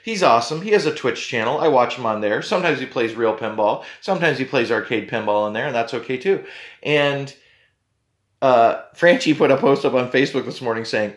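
A man's voice: mid-range voice, animated, normal speed. A man hosting a casual podcast, rambling and joking at his own expense. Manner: rambling, joking, self-deprecating. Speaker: podcast host and tea company owner. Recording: roomy echo.

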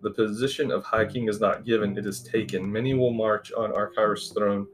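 A man reading the lines of a grave, sorrowful old elder mage in a storybook, in a measured, solemn way. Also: lowish voice, fairly even intonation, close to an everyday voice.

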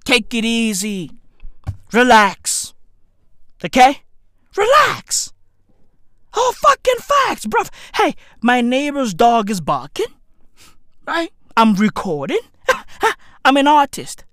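A woman rants in a high, wildly swinging voice, bragging and cursing while she calls her listeners bruv. She talks slowly and deliberately, and the close recording is dry with no room sound. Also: big pitch swings, no room sound. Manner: boastful, slangy, shouty and laughing, calls listeners bruv. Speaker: comedic podcaster. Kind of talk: profane comedic rant monologue. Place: at home, neighbor's dog nearby.

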